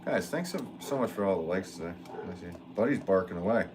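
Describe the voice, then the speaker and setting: Potter guy chatting on a livestream, lowish voice, laid back and jokey, noisy studio. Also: fairly quick. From northwest Connecticut. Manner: relaxed, rambling, joking, chuckling often. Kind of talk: casual livestream chat, reading viewer comments.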